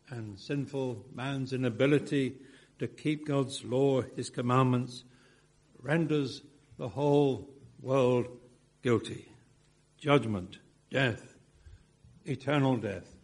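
A man preaching an expository sermon, with measured phrasing and emphatic repetition. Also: medium pitch, a little mellow, husky.

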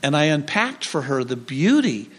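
A man's voice: on the high side, big pitch swings, moderate pace, husky. A man preaching a sermon as pastor, in a conversational way with jokes and rhetorical questions.

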